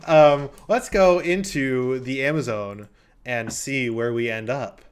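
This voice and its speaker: A man's voice: medium pitch, slow pace, clear, resonant tone. A man hosting a game show, chatting loosely with frequent ums. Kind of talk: casual hosting banter.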